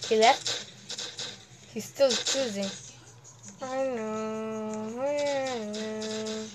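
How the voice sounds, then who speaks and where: A woman giving casual gameplay commentary, excitable, humming suspense sounds and talking to the characters on screen. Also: on the high side, extremely slow, heavy background noise. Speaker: gamer host.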